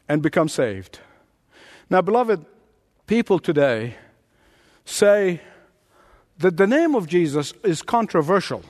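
A man preaching a sermon as a pastor, emphatic and driving his points home with rhetorical repetition. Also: high voice. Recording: long hall reverb.

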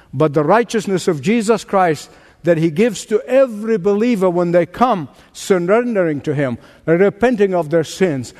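A man's voice: high voice, darkish tone. Male pastor, earnest sermon delivery, church hall echo. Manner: earnest preaching with a joke story.

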